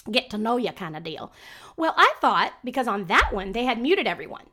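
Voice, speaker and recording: Woman, thirties, podcast co-host, chatty animated storyteller, slightly high voice. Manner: chatty storyteller, animated, quick to act out quotes. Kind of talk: casual chat.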